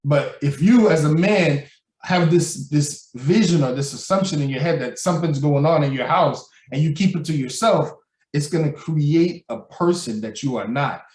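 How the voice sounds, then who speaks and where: A man's voice: on the high side, normal speed, recorded from a distance. A man co-hosting a casual podcast, talking animatedly and acting out people he quotes. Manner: animated, acts out quoted voices, laughs loudly. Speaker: podcast co-host. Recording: echoey room, voice a bit off mic.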